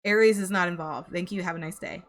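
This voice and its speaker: A woman's voice: lowish voice, fast. Chatty young woman reading tarot. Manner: chatty and sympathetic, laughs and sighs often. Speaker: tarot reader. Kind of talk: casual tarot reading to camera.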